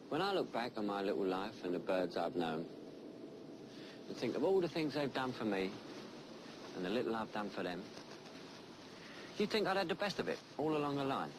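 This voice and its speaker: Male actor as a young Cockney charmer, reflective and low-key, in a noisy vintage film recording. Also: very animated, moderate pace, pauses often, lightly acted. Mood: wistful. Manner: quiet, musing, reflective monologue. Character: young working-class London ladies' man, brooding. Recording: noisy old film soundtrack.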